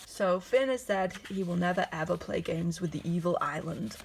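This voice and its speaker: A young woman, an artist, showing her sketchbook in a casual, chatty vlog. She is excitable and scattered and keeps breaking off mid-sentence. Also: fairly low pitch, normal speed, creaky, hardly any pauses, slight background noise. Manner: excitable, scattered, self-interrupting.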